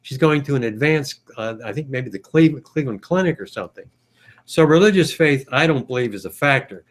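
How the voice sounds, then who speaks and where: An American man chatting on a video call, his voice sitting in a middle pitch. He thinks aloud as he talks, with plenty of pauses and fillers along the way. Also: expressive. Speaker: podcast host. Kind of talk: casual video call chat.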